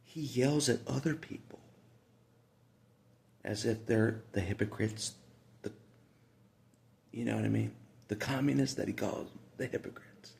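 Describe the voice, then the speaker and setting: A man's voice: mid-range voice, measured pace, vocal fry, pauses often, a little mellow. A man talking casually to the camera in a rambling monologue, repeating himself with frequent asides.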